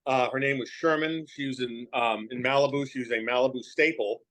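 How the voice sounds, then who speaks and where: A man's voice: mid-range voice, fairly even intonation, a little fast, fairly bright tone. Rambling man with a light New England accent. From Massachusetts. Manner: rambling, many fillers and restarts. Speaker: podcast guest, professional wrestler. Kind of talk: casual chat.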